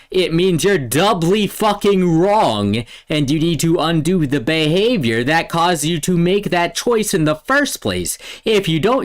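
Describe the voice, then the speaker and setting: A man streaming, ranting angrily and swearing, swinging between loud outbursts and low mutters. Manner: heated, swearing, lurching between shouts and mutters. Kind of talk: angry profane rant.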